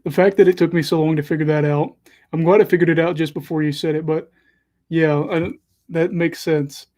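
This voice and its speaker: Young male livestream host, fairly high mellow voice, casual chatty hockey commentary. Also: steady tone, brisk. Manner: chatty, self-deprecating, follows play live.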